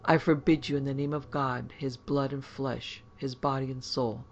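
A woman voicing a calm, learned older judge who speaks in a measured, solemn way in an audiobook reading. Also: rumbling low, muffled recording.

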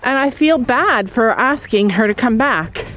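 A woman's voice: a little high, expressive, a little slow, a bit bright, slight background noise, rough recording. A woman in her fifties, vlogging casually from a cold barn, talking candidly and emotionally and now and then breaking off to chat to her animals. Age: 50s. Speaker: farm vlogger.

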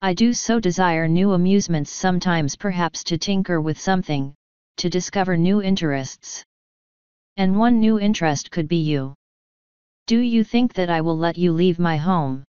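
A woman playing a languid, menacing elf king who speaks slowly, savoring each threat. The voice is low and very smooth. It comes through a dull, dry, lo-fi recording. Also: darkish tone, no room sound, natural voice. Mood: lazy menace.

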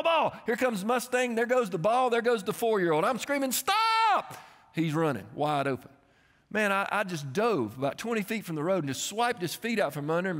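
A man preaching a sermon as a guest pastor, his voice sitting high for a man. He tells stories and builds to shouts at the peaks. The sound rings with the long echo of a church hall. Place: church sanctuary.

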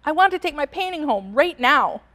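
A woman voicing an anxious, earnest young girl in a storybook reading, speaking in a high, pleading voice. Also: sing-song, moderate pace, a bit bright. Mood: upset.

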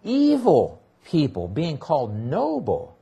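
A man's voice: a little high, wildly swooping pitch, slow pace, gravelly, dark tone, husky, highs cut off. A man preaching as a pastor, teaching through a Bible passage and hammering key words by repeating them. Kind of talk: expository sermon.

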